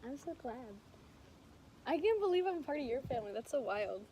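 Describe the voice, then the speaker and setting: Chatty young woman, lively storytelling. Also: sits high, fairly quick. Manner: animated storytelling, acting out quotes. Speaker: vlogger. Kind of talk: casual chat. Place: vacation house near a beach. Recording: noisy background.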